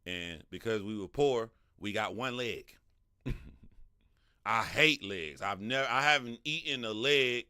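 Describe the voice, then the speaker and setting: A deep-voiced man riffs through a casual livestream. His tone is bright and forceful, and he laughs often as he answers his chat. The close, dry mic leaves no room sound. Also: takes it slowly, clear, resonant tone, no echo. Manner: animated, laughs often, talks back to chat. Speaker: livestream host.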